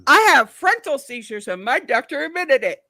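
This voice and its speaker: A woman's voice: sits high, normal speed, dry recording. A woman live streamer chatting casually with her audience, blunt and profane as she tells her stories. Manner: blunt and profane, animated storytelling. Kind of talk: casual livestream chat.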